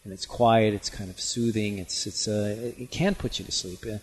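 A man who is a bishop, answering listener questions in a gentle, pastoral way on radio. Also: fairly low pitch, steady tone, normal speed, breathy edge. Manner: gentle, pastoral, explaining plainly. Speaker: bishop guest.

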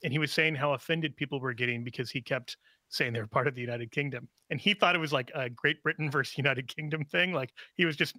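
A man who is a regular guest on a radio talk show, telling stories in an animated way and laughing often. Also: mid-range voice, quick pace, no echo.

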